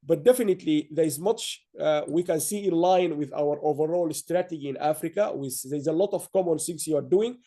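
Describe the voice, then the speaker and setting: A man with a high-pitched yet mellow voice hosts an online awards ceremony. He rambles warmly through his remarks, full of fillers and restarts. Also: fairly quick, hardly any pauses.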